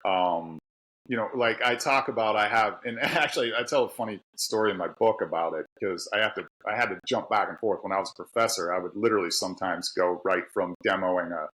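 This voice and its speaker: A man's voice: deep voice, brisk, a bit bright, low-quality recording. A middle-aged man from Pittsburgh with a Pittsburgh accent, talking candidly and laughing often as a podcast guest. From Pittsburgh, USA. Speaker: guest author and tradesman. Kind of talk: casual podcast conversation.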